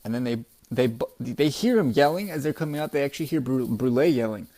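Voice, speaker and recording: Excitable young man, casual and profane. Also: medium pitch, fast talker. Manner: excitable, profane, peppered with "bro". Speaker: manga chapter reviewer. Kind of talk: casual recap and commentary.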